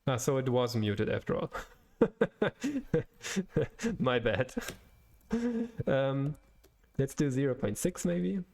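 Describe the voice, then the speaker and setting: Slow, hesitant man thinking aloud. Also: medium pitch, lively intonation, creaky, a little mellow. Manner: hesitant, searching for words, self-correcting. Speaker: live-coding streamer. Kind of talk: thinking aloud while programming on a livestream.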